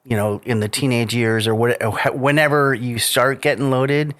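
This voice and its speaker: A man hosts a podcast in a loose, joking way, stopping often to restart his sentences. His voice is mid-pitched and sits close to the mic with a dry, unroomy sound. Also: fairly even intonation, a bit bright, no echo. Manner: joking, loose, halting with fillers. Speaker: podcast host. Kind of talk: casual interview chat.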